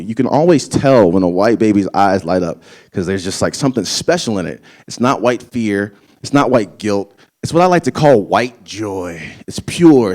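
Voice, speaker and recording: A man's voice: on the low side, darkish tone. Man doing a profane stand-up set. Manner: loose, profane, conversational storytelling. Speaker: stand-up comedian.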